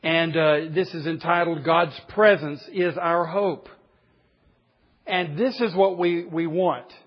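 A man's voice: fairly high pitch, steady tone, takes it slowly. A man in his fifties, a pastor preaching a sermon in an emphatic, humorous storytelling way. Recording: dull lo-fi recording.

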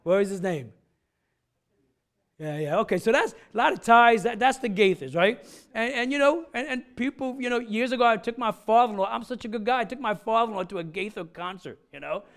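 A middle-aged man with a high voice delivers a loose, joking sermon from the pulpit. He talks in a chatty, rambling way and keeps slipping into asides. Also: fairly quick, a bit bright. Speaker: pastor.

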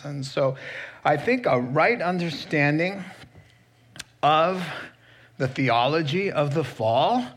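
A man's voice: on the high side, a bit bright. A man preaching a sermon in a conversational way, teasing the congregation directly.

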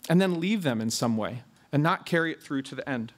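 A man preaching an expository sermon, stressing key words with slow, drawn-out emphasis. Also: mid-range voice, lively intonation.

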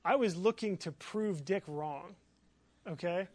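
High-voiced excitable male pastor. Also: a little slow, no room sound. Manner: animated, excitable storytelling with many fillers. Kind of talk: sermon storytelling.

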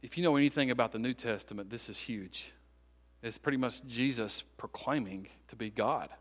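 A male pastor preaching. His delivery rises through loud repeated phrases and falls to hushed, deliberate words. His voice sits at an ordinary middle pitch for a man. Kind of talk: sermon.

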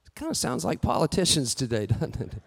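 A man preaching a sermon with lively delivery, rising to shouts and acting out what the figures say. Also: medium pitch, a little fast, gravelly. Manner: animated, shouting at peaks, acting out quotes. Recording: long hall reverb.

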